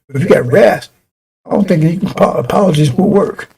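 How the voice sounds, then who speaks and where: A man's voice: on the high side, animated, fairly quick, gravelly, a little mellow, slight background noise. A man preaching a broadcast sermon in a fiery, rambling way, often repeating and restarting his phrases.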